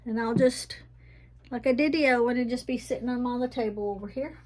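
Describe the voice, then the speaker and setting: A woman with a mixed Texas and Tennessee Southern accent, chatting casually at home in a vlog about her herb shelf. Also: fairly high pitch. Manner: chatty, rambling, says she talks fast. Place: indoors at home, rain outside.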